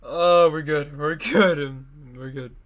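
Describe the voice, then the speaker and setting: A man's voice: a little high, steady tone, takes it slowly. A man reacting casually to a video in a profane, rambling way.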